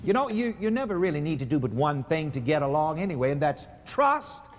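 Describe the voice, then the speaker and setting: A man preaching a call-and-response sermon in a church, leading the congregation to repeat his lines in a steady rhythm. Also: a little high, brisk. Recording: echoey church hall recording.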